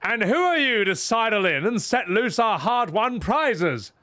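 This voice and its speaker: A man's voice: high-pitched, sing-song, unhurried, pushed and bright, no room sound, voice pushed up, heavily acted. A man playing a smug greedy slaver captain. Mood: indignant. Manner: gloating and taunting. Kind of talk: game voice dub.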